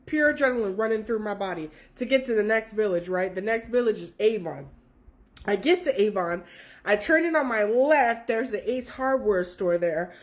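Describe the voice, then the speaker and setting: A woman in her twenties from California, telling a story in an animated, profane way. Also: mid-range voice, normal speed. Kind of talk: casual storytime.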